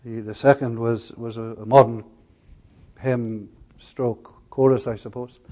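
A male pastor preaching a sermon, telling stories in a halting way with many restarts and fillers. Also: medium pitch, fairly even intonation, warm tone.

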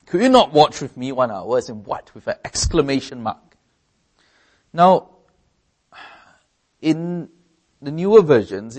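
A man preaching a sermon in an earnest way, often restarting and repeating words, lifting his voice for emphasis. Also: darkish tone. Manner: earnest, rises in pitch and volume for emphasis.

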